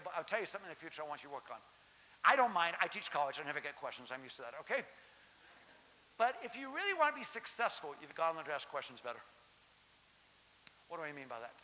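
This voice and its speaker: A middle-aged man giving a lively conference keynote, joking and quizzing the audience. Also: on the high side, rapid-fire. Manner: animated, jokey, quizzes the audience. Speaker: keynote speaker. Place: large lecture hall. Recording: hissy hall reverb.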